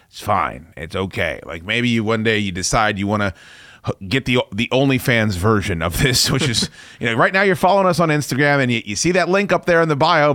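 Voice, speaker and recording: A man's voice: on the low side, a bit bright, no echo, clean studio sound. A man hosting a sports talk podcast, casually rambling and joking, with lots of fillers and restarts. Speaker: podcast host.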